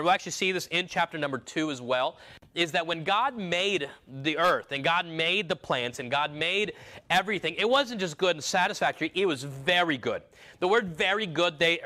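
Bright-voiced man preaching a sermon. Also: fairly high pitch. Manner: rambling with many restarts and asides.

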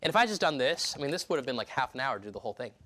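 A pastor preaching a sermon in church, emphatic, with repeated restarts and rhetorical questions. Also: male voice, mid-range voice, very animated, very fast, a bit bright.

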